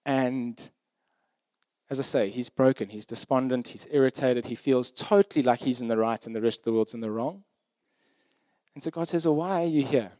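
A man's voice: mid-range voice, moderate pace, pauses often, mellow, no room sound. A man preaching a sermon in a conversational, emphatic way, often checking in with his listeners.

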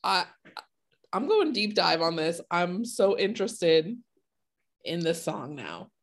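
A woman co-hosts a relaxed podcast chat and keeps cheering her partner on with short affirmations. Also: lowish voice, slow. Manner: supportive, with frequent short affirmations. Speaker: podcast co-host. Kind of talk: casual chat.

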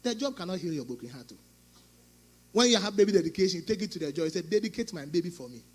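A middle-aged male pastor preaching a sermon, swinging between loud outbursts and quieter asides, acting out quoted speech. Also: high-pitched, animated, rapid-fire, slightly rough.

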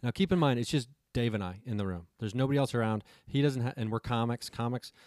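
A man's voice: medium pitch, quick pace, darkish tone, no room sound, studio quality. A man on a podcast telling a rambling comedy anecdote in casual chat, acting out the quotes. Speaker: podcast co-host.

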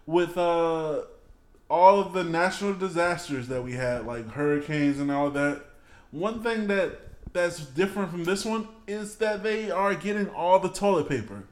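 A man's voice: fairly high pitch, a little slow, echoey room. A man co-hosting a casual chat, rambling with many fillers and laughing easily.

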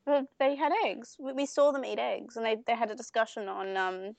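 A woman's voice: a little high, steady tone, a little fast, gravelly, dry recording. A young woman co-hosting a casual podcast, recapping an anime at length with many fillers and restarts. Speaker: podcast co-host. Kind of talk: casual chat comparing anime versions.

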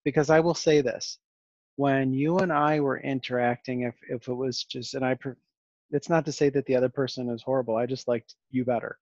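A man hosts a podcast in loose conversation, circling his points with restarts and a flat, dry sarcasm. The recording is dull and lo-fi, with a dry, close sound. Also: mid-range voice, a little fast, no room sound. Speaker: podcast host. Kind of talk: casual conversation.

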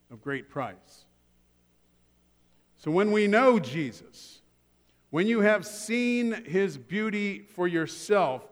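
A high-pitched male pastor delivers a sermon and acts out the story's characters, switching voices as he goes. His voice rings out with the long reverb of a church hall. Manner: acts out a dialogue between buyer and seller, shifting voices.

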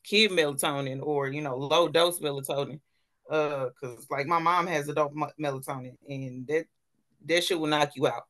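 A woman's voice: sits low, fairly even intonation, moderate pace, a bit bright. A woman co-hosting a podcast who tells stories frankly and swears freely in casual chat. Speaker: podcast co-host.

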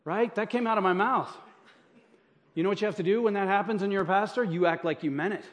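Speaking fast in a high voice, a middle-aged pastor delivers a sermon from the church stage. His chatty stories poke fun at his own mistakes, with plenty of asides to the people in the pews.

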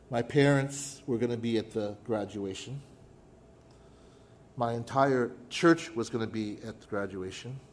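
A middle-aged man preaching a sermon, his voice mellow and warm. He tells a story from his life with dramatic pauses, sometimes dropping to a near hush. A faint ambient hum sits behind him. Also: mid-range voice. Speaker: pastor.

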